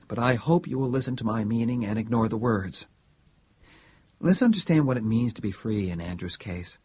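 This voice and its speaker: Defiant, earnest young woman in a high, pleading voice, played by a husky male narrator; audiobook part. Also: mellow. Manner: pleading, raised pitch. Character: spirited grown daughter, defiant and earnest. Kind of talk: audiobook reading.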